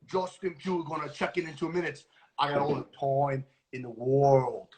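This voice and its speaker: A man hosting a casual livestream cooking class, talking in a goofy, playful way with mock-rough slang. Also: mid-range voice, steady tone, moderate pace.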